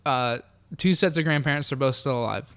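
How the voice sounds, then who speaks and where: Rambling young man, smooth voice. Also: medium pitch, brisk, a bit bright. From Southern United States. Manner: rambling, hesitant, full of fillers and restarts. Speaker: podcast co-host. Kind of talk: casual chat.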